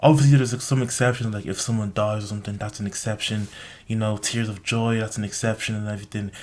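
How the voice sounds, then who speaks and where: A man's voice: on the low side, fairly even intonation, fast talker, a little mellow. Young man lecturing bluntly in a vlog. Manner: rambling, heavy use of "like" and tag "okay?". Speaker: vlogger. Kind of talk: casual opinion monologue.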